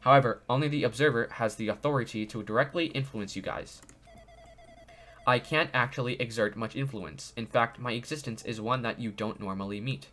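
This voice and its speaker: A man voicing a calm artificial intelligence program with a polite, explanatory, robot-like manner while reading game dialogue aloud. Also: medium pitch, fairly quick.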